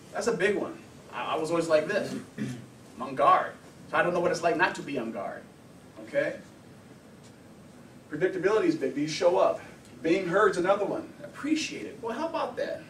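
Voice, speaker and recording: A man counseling and lecturing at a workshop, lively and full of rhetorical questions. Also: sits high, echoey room, recorded from a distance, slight background noise, poor audio. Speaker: anger management counselor.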